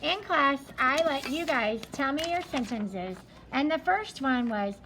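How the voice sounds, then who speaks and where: High-voiced woman teacher explaining patiently. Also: sing-song, measured pace, pushed and bright, rough recording. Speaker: elementary school teacher. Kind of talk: reviewing a study guide.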